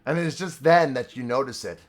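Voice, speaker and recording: Speaking briskly at a medium pitch, a young man runs a tabletop game on a live stream as dungeon master. He alternates casual banter and dramatic narration, using a streaming microphone.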